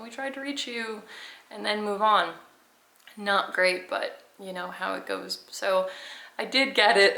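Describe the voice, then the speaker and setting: A woman's voice: medium pitch, vocal fry, pushed and bright. A young woman vlogger telling a story in a chatty, rambling way and laughing often. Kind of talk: casual storytelling to camera. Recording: echoey room.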